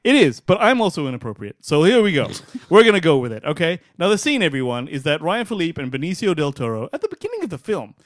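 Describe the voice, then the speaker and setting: A man co-hosting a comedy podcast, excitable and profane, often laughing. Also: a little high, fast talker, hardly any pauses, no echo, clean studio sound. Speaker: podcast co-host. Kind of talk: casual comedy banter.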